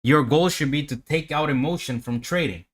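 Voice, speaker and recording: A man doing live trading commentary on a stream, talking to himself and his viewers in a profane, excitable, hyped-up way. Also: a little high, normal speed. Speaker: livestream day trader.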